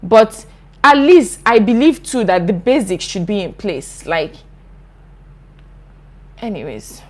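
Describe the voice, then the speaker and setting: A young woman talks straight to her viewers. She reads their comments aloud, then answers with earnest, impassioned conviction, her speech full of casual "like"s. Her voice sits at a middle pitch. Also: animated, takes it slowly. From Nigeria. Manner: earnest, impassioned, chatty with frequent "like". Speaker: YouTuber host. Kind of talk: live video reading viewer comments.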